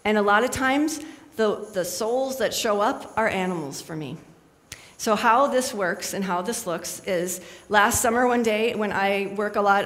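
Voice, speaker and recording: A woman's voice: mid-range voice, big-room sound. A middle-aged woman speaking as a spiritual speaker to a live audience in a chatty, storytelling manner.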